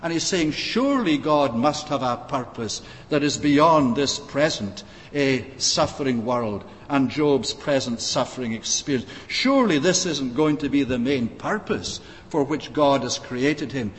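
Guy giving a bible sermon, middle-pitched voice, lots of uhs, old-style scripture quotes, echoey hall. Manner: measured, frequent "uh" pauses, reads scripture in old-fashioned wording. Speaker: preacher. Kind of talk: expository sermon. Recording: long reverb, faint background noise.

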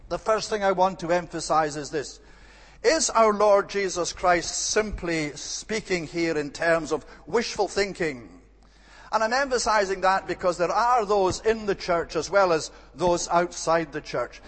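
Man, sermon, high voice, emphatic measured preaching, long hall reverb. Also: fairly bright tone.

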